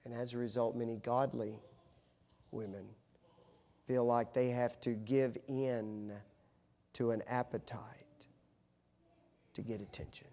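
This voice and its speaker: A middle-aged pastor, a man, preaching with animated storytelling that swings from hushed to loud. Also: medium pitch, measured pace, pauses often. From United States. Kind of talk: sermon.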